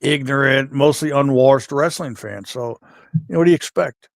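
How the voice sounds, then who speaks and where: Outspoken dude on a wrestling podcast, cusses, dry close sound. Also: male voice, mid-range voice, moderate pace, vocal fry, no echo. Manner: blunt, opinionated, swears and jokes. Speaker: podcast co-host. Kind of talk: casual wrestling talk.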